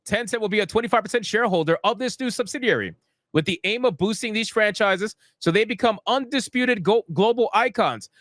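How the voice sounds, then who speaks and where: A man with a high voice rants over gaming news on a live stream. He swears often, repeats his points and mocks what he reads aloud. The sound is dry and close, with no room around it. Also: brisk, a bit bright, no echo. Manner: profane, repetitive, mocking. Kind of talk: live ranting commentary, reading news aloud.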